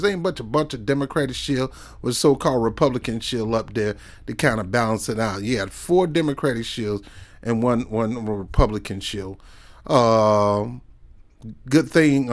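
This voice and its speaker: A man with a Southern US accent hosting a casual reaction commentary show, animated and preachy. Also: mid-range voice, moderate pace. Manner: animated, preachy, sings and mimics.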